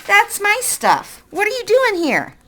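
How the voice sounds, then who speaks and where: A woman's voice: very high-pitched, wildly swooping pitch, measured pace, bright, forceful tone, pitched above the performer's own voice, full character voice. A woman voicing a frightened, injured young boy who stammers defensively in a read-aloud children's story. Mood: nervous.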